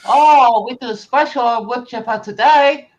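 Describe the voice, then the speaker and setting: A man voicing a pushy male mail-order phone salesman who talks in loud, clipped, broken sales phrases. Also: very high-pitched, measured pace, slight background noise, voice pushed up, rough recording. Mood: pushy sales pitch.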